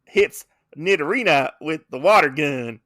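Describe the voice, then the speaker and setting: A podcast co-host with a fairly high voice talks at a measured pace in a dry, clean studio recording. He chats casually and animatedly about a comic he's reading, slipping into silly character voices.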